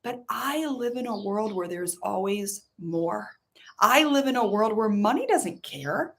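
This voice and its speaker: A married woman hosting a guided tapping meditation. She speaks in slow soothing prompts, then tells her own story in a lively, chatty way. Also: mid-range voice. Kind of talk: guided meditation and personal talk.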